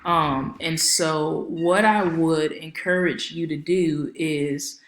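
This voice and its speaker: A woman's voice: low-pitched, steady tone, takes it slowly, reverberant. A woman consultant giving a casual screen-share walkthrough of a website, chatty and friendly with lots of filler ums. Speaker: marketing consultant.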